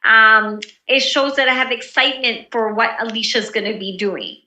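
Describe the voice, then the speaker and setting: A woman teaching a presentation skills class over a video call, relaxed and encouraging, with many fillers. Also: fairly high pitch, normal speed, reverberant, far from the mic, poor audio.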